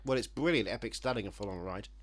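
A man co-hosting a casual comedy chat, sardonic and quick-witted. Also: fairly low pitch.

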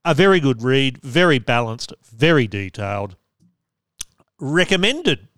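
A man's voice: medium pitch, big pitch swings, measured pace, fairly bright tone, dry recording. A man hosting a podcast, chatty and wry, reading out thanks and announcements. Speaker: podcast host.

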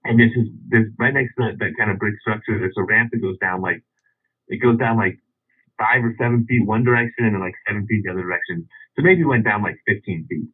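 Low, husky man telling a rambling story, on a tinny phone line. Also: fast talker. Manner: rambling, with many restarts and chuckles. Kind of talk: casual anecdote.

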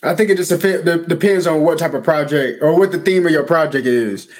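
A man's voice: a little high, fairly quick. A man in a casual chat, emphatic and repeating his points for weight.

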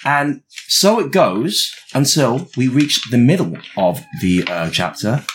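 Male podcast co-host, lively pitch, analytical, talky with lots of ums. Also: slow, slight background noise. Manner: animated, analytical, many restarts and fillers. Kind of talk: casual chat.

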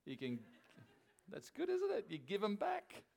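A man's voice: sits high, wildly swooping pitch, measured pace, gravelly, darkish tone. An older man, a grandfather, acting as pastor and opening his sermon in a jovial, conversational way.

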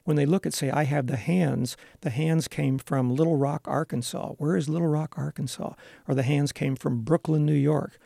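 A gravelly, dark-voiced man talks through his classroom work as an interview guest. He explains earnestly and pauses on "uh" fillers. The sound is dry and close. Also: fairly high pitch, steady tone, no echo. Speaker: elementary school teacher, interview guest.

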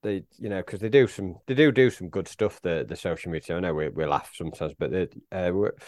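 A man co-hosting a casual football podcast, talking in halting bursts with frequent restarts and chuckles. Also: deep voice, a little mellow, no room sound. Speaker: podcast co-host.

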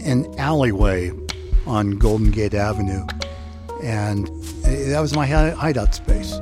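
A man telling a personal story in a reflective, halting way. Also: lowish voice. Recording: music bed underneath.

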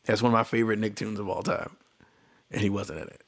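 A man's voice: on the low side, lively intonation, quick pace, fairly bright tone. Laid-back young male podcast co-host. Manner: laid-back, hesitant, stammers when unsure. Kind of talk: casual podcast chat.

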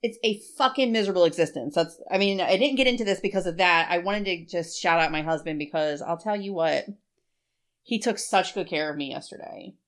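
A woman's voice: fairly low pitch, fairly quick. A woman in her thirties co-hosting a podcast in casual chat, chatty and filling her talk with "like". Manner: chatty, peppers speech with "like". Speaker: podcast co-host.

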